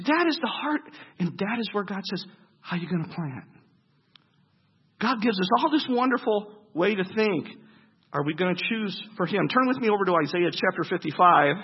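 A man preaching a sermon, asking his listeners questions and answering them, swinging between loud emphasis and hushed, low lines. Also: slightly rough, dull audio.

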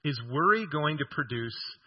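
A male pastor preaching a sermon, earnest and measured, slowing down to read scripture aloud. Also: a little high, expressive, slightly rough, dull audio.

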